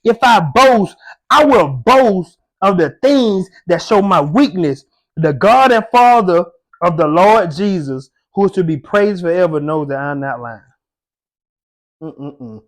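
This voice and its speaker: A man's voice: sits high, animated, slow pace. A young man giving an impassioned devotional talk, fervent and preacher-like, with casual slang. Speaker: faith content creator.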